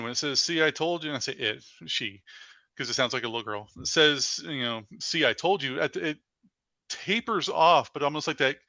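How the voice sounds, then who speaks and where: Forceful, animated man telling stories. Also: on the high side, dry recording. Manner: animated storyteller with frequent "like" fillers. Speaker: paranormal investigator guest. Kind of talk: casual storytelling in a podcast interview.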